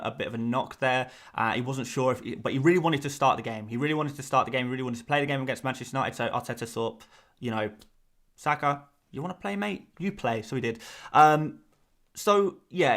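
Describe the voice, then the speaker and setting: A man's voice: mid-range voice, a bit bright. Chatty man on a live stream. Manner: chatty, rambling, repeats himself. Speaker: fantasy football streamer. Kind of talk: casual live stream chat.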